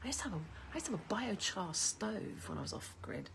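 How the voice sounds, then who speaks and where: A middle-aged woman, talking casually and at length to camera at home in a chatty, animated way. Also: mid-range voice, brisk, gravelly, slight background noise. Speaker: vlogger.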